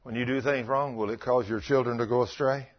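Man, pastor, sermon, husky, folksy, emphatic, lo-fi sound. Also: medium pitch, steady tone, fairly quick. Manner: folksy storytelling preacher, rising to emphatic scolding.

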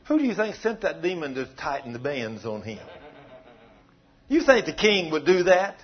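A man preaching a sermon, telling stories in a folksy, animated way. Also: a little high, normal speed. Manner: folksy, animated storytelling with acted quotes. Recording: dull lo-fi sound.

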